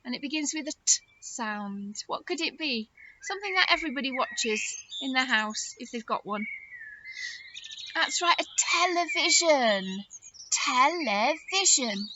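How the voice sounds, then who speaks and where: A high-voiced woman leads a phonics lesson for small children, her pitch swooping up and down in a sing-song way. She talks slowly and stretches out her words, with bright gasps of surprise. The recording is a little dull, with faint noise behind her. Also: expressive. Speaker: nursery teacher.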